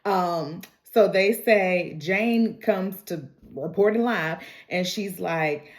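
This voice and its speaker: A woman's voice: fairly low pitch, takes it slowly. Chatty woman recapping a show. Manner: animated, slangy, chatty storytelling. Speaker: vlogger recapping a TV episode. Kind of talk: casual recap and reaction.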